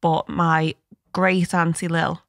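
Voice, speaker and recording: A woman's voice: lowish voice, flat delivery, takes it slowly, vocal fry, dry recording, studio quality. A woman co-hosting a podcast, chatting casually and laughing often. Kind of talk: casual chat.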